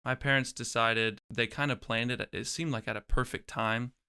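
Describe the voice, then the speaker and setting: Reflective young man, bright clear voice. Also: mid-range voice, fairly even intonation, moderate pace. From Oklahoma, USA. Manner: reflective, restarts phrases often. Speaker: interview guest. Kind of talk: casual personal storytelling.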